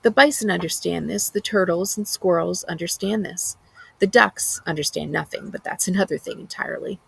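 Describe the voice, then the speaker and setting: A woman's voice: lowish voice, normal speed, vocal fry, fairly bright tone, breathy edge, no room sound, rough recording. A woman librarian reading a book's opening aloud, then recommending it earnestly with a few fillers. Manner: earnest, enthusiastic book talk with some fillers. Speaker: school librarian.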